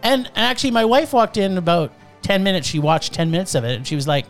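A woman's voice: fairly low pitch, fast, faint music behind. A woman hosting a casual film-review chat, ranting with exasperation and swearing. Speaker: podcast host reviewing films.

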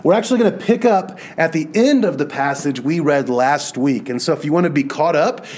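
Man, pastor, sermon, conversational, slightly higher voice, deliberate pacing. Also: darkish tone. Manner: conversational storytelling, slow and deliberate at times.

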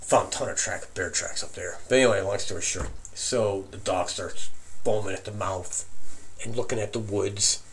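A man casually telling a profane campfire story, animated and often laughing as he recounts it. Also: fairly low pitch, normal speed, vocal fry, a little hiss or hum.

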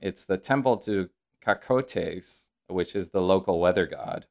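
A man narrating a tabletop role-playing game as game master, in a measured, descriptive way with some fillers. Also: deep voice, vocal fry, a little mellow.

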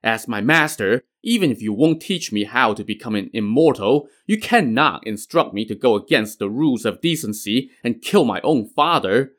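A man's voice: medium pitch, animated, moderate pace, few pauses, a bit bright, lightly acted. A man voicing a young male prince who pleads respectfully but firmly with his master. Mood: pleading.

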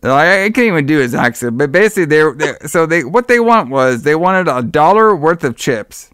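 A man co-hosting a horror-movie podcast recaps plot points in a loose, rambling way, laughing and swearing as he goes. His voice is smooth and clear. The recording is dry and close to the mic. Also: on the high side, expressive, moderate pace, fairly bright tone, no room sound. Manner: rambling, profane, laughs often. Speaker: podcast co-host. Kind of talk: casual movie-review chat.

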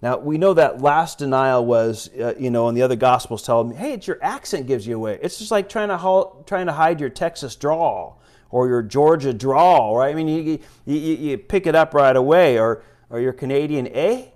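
A man's voice: mid-range voice, normal speed, darkish tone. A man giving an informal sermon in a church, conversational and rambling, with many fillers and restarts, reading and retelling scripture. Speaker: preacher.

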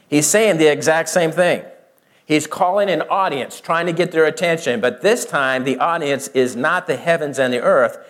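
A man's voice, a little high, carries a slow, verse-by-verse Bible teaching in which he asks his listeners questions and performs both sides of the argument.

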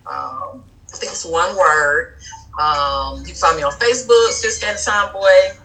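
A woman's voice: fairly low pitch, measured pace, pushed and bright, poor audio. A woman guest on a podcast talking about her clothing brand in a casual, chatty way, with many fillers and laughs.

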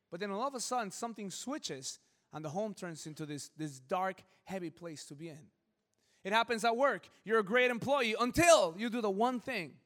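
A male pastor preaching a lively, humorous sermon to his congregation, acting out quick quoted voices as he goes. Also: sits high. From Southern California. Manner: animated, joking, acts out quick quoted voices. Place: church sanctuary. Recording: long hall reverb.

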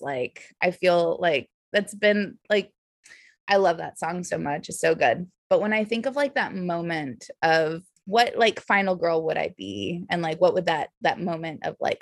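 A Californian woman from the Bay Area chats on a podcast in an effusive, filler-heavy way and sounds a little tipsy. Her voice sits low with some gravel and swoops a lot. The sound is dry and close. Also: no room sound. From San Francisco Bay Area. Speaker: podcast guest. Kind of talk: casual podcast chat.

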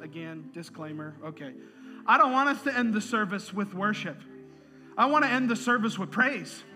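A man's voice: very high voice, bright, forceful tone. A man preaching a sermon to a congregation, calling out praise and breaking into bursts of laughter.

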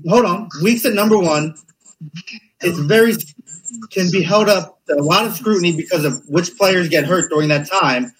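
A husky, high-voiced man in a heated sports argument. He talks over his opponent and hammers the same points again and again. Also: moderate pace, rough recording.

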